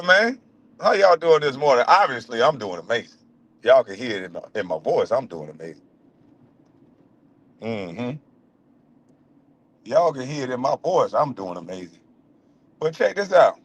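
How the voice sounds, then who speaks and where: A man's voice: medium pitch, a bit bright, husky. A middle-aged man, talking loosely and playfully to his viewers in a casual vlog. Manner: loose, playful, talks to viewers, swears freely. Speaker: vlogger.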